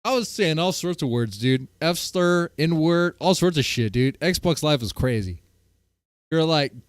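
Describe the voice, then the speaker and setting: Loud, lively, high-voiced male streamer. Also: unhurried, dry recording, studio quality. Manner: loud, profane, laughing, heated rants. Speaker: livestream host. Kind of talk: casual livestream chat with viewers.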